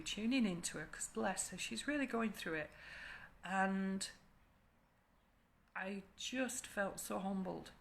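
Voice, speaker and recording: A woman therapist giving a soft, reflective spiritual talk, speaking slowly and gently. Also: mid-range voice, vocal fry, slight background noise.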